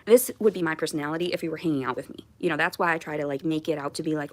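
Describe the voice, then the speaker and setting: A woman's voice: sits low, rapid-fire, hardly any pauses, a little hiss or hum. A woman chatting on a casual livestream at home, rambling and self-deprecating. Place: at home on camera.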